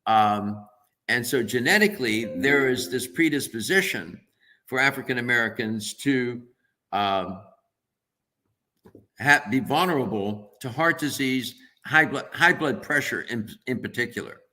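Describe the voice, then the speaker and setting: A man's voice: mid-range voice, unhurried, bright, forceful tone. A man speaking as a nutritionist guest on a radio interview, earnest and emphatic as he thinks aloud.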